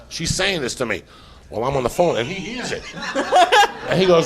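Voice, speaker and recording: A man hosting a live podcast, telling a profane comic story in an excitable way, acting out every line. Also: mid-range voice, a little fast, vocal fry, pauses often, a crowd in the background. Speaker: podcast host.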